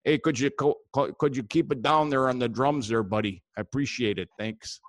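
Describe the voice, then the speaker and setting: A man's voice: mid-range voice, normal speed, close to an everyday voice. A man voicing an easygoing fishing buddy from the upper Midwest with a chummy, polite manner.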